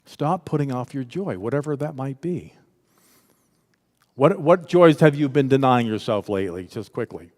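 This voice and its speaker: Male workshop leader, middle pitch, casual and animated, recorded with long church-hall reverb. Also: moderate pace. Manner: lively, conversational, acts out quoted voices. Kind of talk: interactive spiritual workshop talk.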